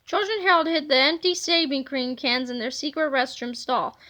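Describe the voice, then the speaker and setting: Brief: woman reader, high and bright, animated children's read-aloud. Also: moderate pace. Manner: animated storybook reading. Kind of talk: reading a children's book aloud.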